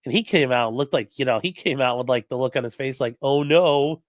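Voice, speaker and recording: This defense attorney talks fast in a mid-range voice, recounting courtroom stories casually and with plenty of profanity while acting out quoted people. The casual livestream chat has studio-quality audio with no room sound.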